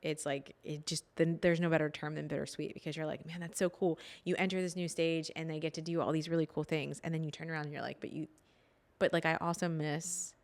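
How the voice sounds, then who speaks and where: Woman, 30s, low pitch, podcast co-host, casual chat, emphatic, restarts. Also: fairly even intonation, fast talker.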